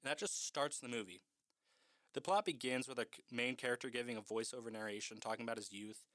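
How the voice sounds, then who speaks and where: A man's voice: medium pitch, fast talker, a bit bright, no echo, studio quality. A man casually recapping a horror film in a chatty, profane way, with lots of "like".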